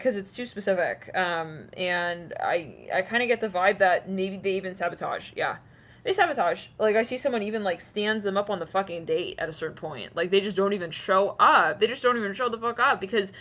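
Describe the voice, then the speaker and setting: Bright-voiced woman giving a rambling tarot reading. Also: medium pitch, a little hiss or hum. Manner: rambling, filler-heavy, acts out quoted voices. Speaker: tarot reader. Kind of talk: casual channeled tarot reading.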